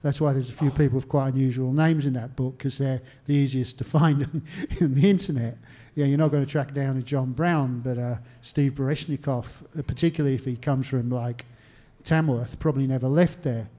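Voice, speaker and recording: An Australian man with a mellow, darker voice, telling anecdotes about his research in a relaxed conversational way. He slips into little acted-out phone calls and pokes gentle fun at himself. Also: mid-range voice, fairly quick. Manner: anecdotal, self-deprecating, acts out phone calls. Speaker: historian and author. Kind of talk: conversational interview answers. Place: stage talk at a literary venue.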